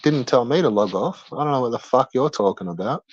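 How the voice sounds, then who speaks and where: A man's voice: medium pitch, expressive, fairly quick, dry recording, highs cut off. A man with an Australian accent, a streamer in brash, profane casual chat with viewers.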